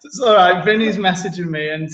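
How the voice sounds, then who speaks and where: A man's voice: sits high, fairly quick, a bit bright, highs cut off. A man co-hosting a live online sales webinar, chatty and casual, with frequent fillers and jokey asides. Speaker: webinar co-host.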